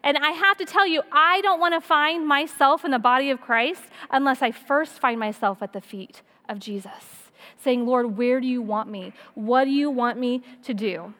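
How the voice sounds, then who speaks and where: A woman in her thirties, speaking to women, gives an earnest, personal sermon full of stories, returning again and again to her points. Her high voice is pushed and bright at a normal speed, with the long reverb of a hall behind it.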